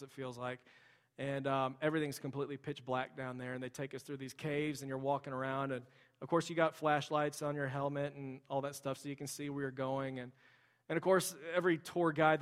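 A young adult man, a pastor, preaching a sermon in a conversational way with casual asides, in a large church sanctuary. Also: fairly high pitch. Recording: long hall reverb.

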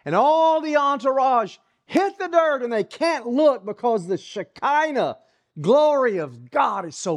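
Slow, lively preacher telling a story. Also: high-pitched. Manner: dramatic retelling of a story, dropping to hushed whispers; repeats words while building a scene. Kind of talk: sermon.

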